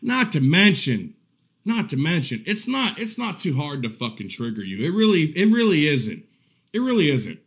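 A man ranting on his livestream with a slightly high voice that swoops and jumps all over. He mocks and swears constantly, breaking into laughter between jabs. It comes across as a loose, profane drama-commentary stream. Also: big pitch swings, moderate pace, fairly bright tone. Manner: mocking, laughs often, heavy swearing.

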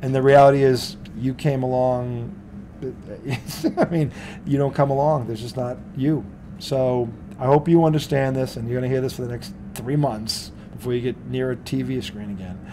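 A man's voice: mid-range voice, fairly even intonation, moderate pace, background noise. A male sports talk host from the Boston area, ranting heatedly with lots of swearing and laughing mid-rant.

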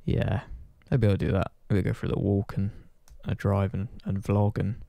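A man's voice: on the low side, steady tone, normal speed, gravelly, mellow, no room sound. A man chatting casually to his channel's viewers, rambling and self-deprecating, swearing offhand. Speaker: gaming channel host. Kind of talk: casual chat to camera.

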